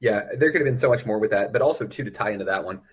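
A man's voice: fairly low pitch, racing, husky. A man co-hosting a podcast, talking casually and animatedly about a film. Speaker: podcast co-host.

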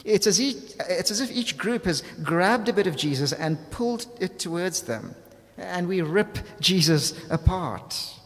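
A man preaching a sermon in a lively, conversational way, asking his listeners rhetorical questions. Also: sits high, unhurried, big-room sound.

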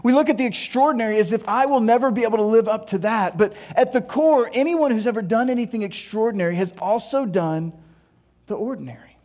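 A male pastor preaching a sermon in an animated, storytelling way, laughing at himself along the way. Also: sits high, fast talker.

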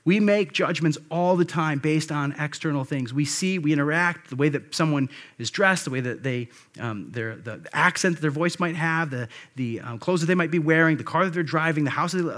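A man's voice: on the high side, moderate pace, hardly any pauses, a bit bright. A male pastor delivering a conversational sermon, with frequent asides and restarts.

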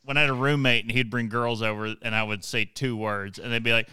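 A man's voice: mid-range voice, steady tone, fairly quick, hardly any pauses, bright, forceful tone, clear, resonant tone, dry recording. A man with an Eastern Kentucky accent chatting casually on a podcast, rambling and self-deprecating, laughing often. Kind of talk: casual chat.

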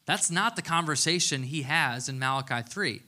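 A man's voice: on the high side, moderate pace, bright, forceful tone. A man in his thirties, a pastor giving a casual, chatty sermon with playful humor. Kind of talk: conversational sermon.

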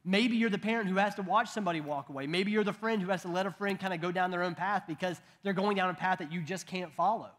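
A man's voice: sits high, quick pace, hardly any pauses, fairly bright tone. A man in his thirties preaching a sermon in a conversational way, with joking asides and frequent restarts. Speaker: pastor.

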